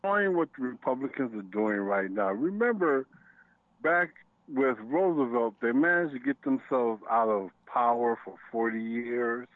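A man's voice: medium pitch, measured pace, dry recording. Folksy male caller on a phone line. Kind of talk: call-in chat. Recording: tinny dry phone line.

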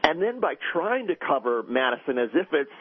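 A husky man talks fast and animated as a guest on a radio talk show, piling his words up and restarting his sentences as he goes. The sound is dry and dull, like a muffled broadcast. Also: on the high side, no echo. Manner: rapid, animated storytelling with frequent restarts. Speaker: guest journalist.

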